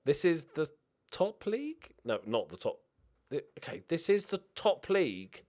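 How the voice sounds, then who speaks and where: A young man giving excitable, jokey let's-play commentary with frequent swearing while talking to himself. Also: a little high, unhurried. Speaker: video game streamer.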